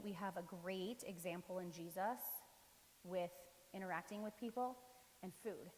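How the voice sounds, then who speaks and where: Woman preacher, casual conversational sermon, chatty with restarts, middle pitch, long hall reverb, faint hiss. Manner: conversational, many fillers and restarts. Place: church.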